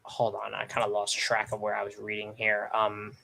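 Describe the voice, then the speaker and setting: Sleepy, halting man reacting live. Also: fairly low pitch, completely flat delivery, gravelly, pushed and bright. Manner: halting, stops often with ums and restarts while reading. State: sleepy, yawning. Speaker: live manga reaction streamer. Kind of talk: casual live read-through and reaction.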